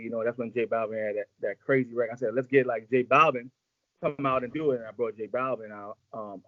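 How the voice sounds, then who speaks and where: A man's voice: mid-range voice, no room sound, lo-fi sound. A man in a casual interview, telling long rambling stories full of slang and acted-out quotes. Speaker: music executive guest.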